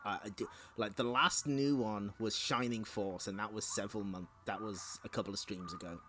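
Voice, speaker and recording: A man's voice: lowish voice, steady tone, normal speed, pushed and bright. A man hosting a live-stream comic read-along, chatting casually with frequent laughter and playful asides. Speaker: streamer reading comics aloud.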